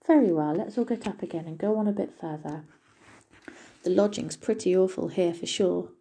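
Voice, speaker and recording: A friendly male donkey leads his animal band in a storybook tale, his talk hearty and coaxing, as a woman reads him. The voice sits low and husky. Its tone is deeply mellow. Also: moderate pace.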